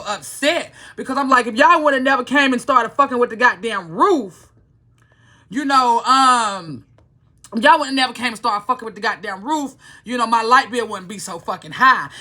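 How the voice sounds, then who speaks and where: A woman's voice: on the high side, bright, forceful tone. A woman telling a personal story to the camera in a rambling, profane, heated way. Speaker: vlogger. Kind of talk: casual storytelling vlog.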